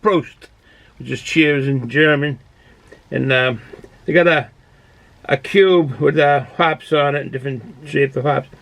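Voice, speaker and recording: A man's voice: mid-range voice, measured pace, creaky, long pauses, a bit bright, dry recording, low-quality recording. Rambling Boston man reviewing beer. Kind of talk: casual product review.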